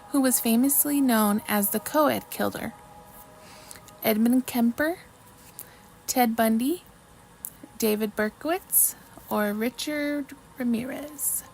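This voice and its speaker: A woman's voice: fairly high pitch, slow, vocal fry, long pauses, darkish tone, slight background noise, low-quality recording. A woman hosting a casual livestream while crafting, chatting with viewers, reading trivia questions and often apologizing. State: mouth full of chocolate at times. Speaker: livestream host.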